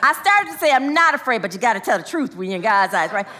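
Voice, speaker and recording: Bright high-voiced woman preaching. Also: sing-song, fast. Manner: call-and-response with congregation, emphatic. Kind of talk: sermon. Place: church.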